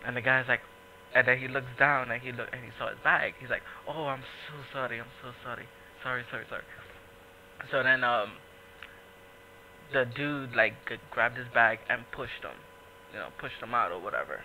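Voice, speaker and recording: Bright-voiced New man telling stories. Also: mid-range voice, moderate pace, a little hiss or hum, low-quality recording. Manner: profane, animated storytelling with voiced quotes. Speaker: podcast host. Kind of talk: casual podcast chat.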